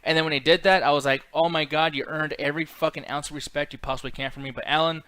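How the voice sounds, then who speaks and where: A man co-hosting a casual show, talking excitedly and swearing freely as he acts out what characters said. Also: on the high side, quick pace, clean tone. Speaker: podcast co-host. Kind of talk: casual chat.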